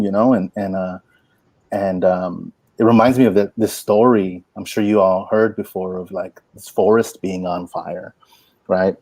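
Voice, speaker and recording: Folksy man with a low, dry voice. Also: unhurried, no echo. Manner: animated, folksy, full of "like" and "you know". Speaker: poet and workshop teacher. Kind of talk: inspirational storytelling talk.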